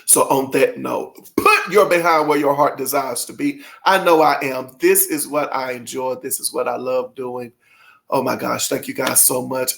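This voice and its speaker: Chatting casually with viewers on his own channel, a man speaks at medium pitch with vocal fry. He's gushing and emotional, folksy in manner, and talks right to his audience.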